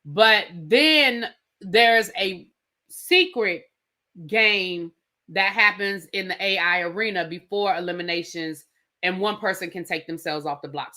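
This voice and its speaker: A woman reviewing a reality show in a casual, animated and sassy recap, talking straight to her viewers. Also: fairly low pitch. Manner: animated, sassy, emphatic, addresses viewers directly.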